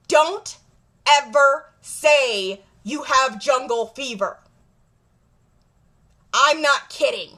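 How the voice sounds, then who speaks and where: Blunt, bright-voiced woman ranting to camera. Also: high voice, expressive, slow. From Jamaica. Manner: blunt, profane, emphatic. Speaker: vlogger. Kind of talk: direct-to-camera rant.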